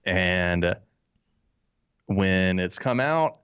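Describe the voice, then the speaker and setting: A man's voice: deep voice, expressive, extremely slow, a bit bright, clear, resonant tone. A man co-hosting a podcast, talking bluntly and a bit sarcastically in casual chat. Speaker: podcast co-host.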